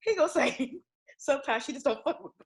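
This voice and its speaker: A woman's voice: high voice, lively intonation, fairly quick, slight background noise. A woman in a casual TV recap chat who giggles as she retells funny moments. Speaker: podcast co-host.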